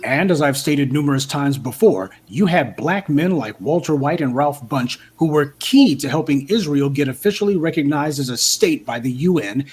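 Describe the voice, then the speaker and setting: A man delivering scripted political commentary in a steady, argumentative and lightly sarcastic way. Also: fairly high pitch, moderate pace, few pauses, slightly rough.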